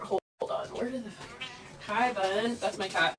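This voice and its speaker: A young woman livestreaming, talking fast and agitated, swearing and replying to chat comments. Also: medium pitch, a bit bright, slightly rough. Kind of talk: livestream rant.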